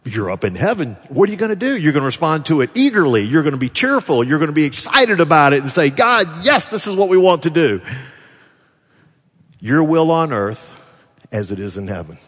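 A man preaching a sermon, earnest and conversational, asking the congregation questions and slowing down to repeat scripture lines. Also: on the high side, very animated, fairly bright tone, breathy edge, big-room sound. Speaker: pastor.

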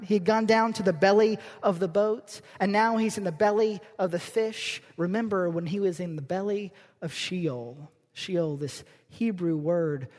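A woman's voice: fairly low pitch, a little mellow. A woman preaching a sermon, earnest, reading scripture passages aloud with emphasis. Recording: long hall reverb.

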